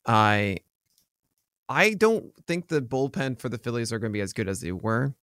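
A man's voice: mid-range voice, expressive, moderate pace, a bit bright, clean tone, no echo, studio quality. A man co-hosting a baseball podcast, talking casually and rambling with many ums and restarts. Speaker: podcast co-host. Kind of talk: casual sports chat.

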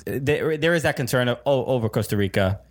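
A man co-hosting a podcast in casual chat, halting with many restarts and laughing easily. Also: medium pitch, animated. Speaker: podcast co-host.

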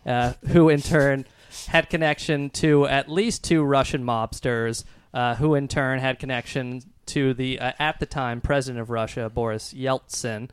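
Halting man with a smooth voice. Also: medium pitch, fairly even intonation, no echo, studio quality. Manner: halting, many ums and uhs, laughs often. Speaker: podcast co-host. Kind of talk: casual chat.

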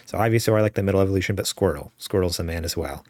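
A man's voice: low voice, racing, darkish tone. A man co-hosting a casual gaming news podcast, enthusiastic, laughing often and reading news stories aloud over a call. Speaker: podcast co-host.

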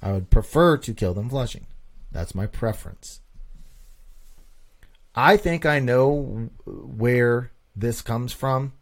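A man's voice: mid-range voice, slow pace, long pauses. A man hosting a casual podcast monologue, talking emphatically and repeating points for stress. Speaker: podcast host.

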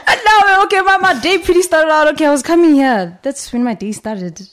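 A woman's voice: high-pitched, a little fast, a little hiss or hum. A young South African woman with a South African accent, a podcast guest chatting casually and laughing often. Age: young adult. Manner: giggly, animated.

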